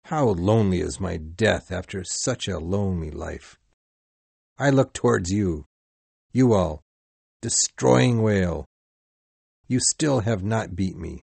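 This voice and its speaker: A man voicing an obsessed old whaling captain who shouts wildly and then vows grim revenge. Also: deep voice, expressive, slow, vocal fry, pauses often, breathy edge, no echo, full character voice. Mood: bitter. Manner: raging shouts turning to grim, bitter vows.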